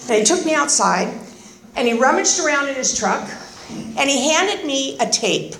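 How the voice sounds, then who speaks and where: Animated woman telling her recovery story. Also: high voice, normal speed. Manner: animated, sarcastic, acts out voices. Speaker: recovery meeting speaker. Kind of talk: personal testimony with humor. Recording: roomy echoing meeting hall.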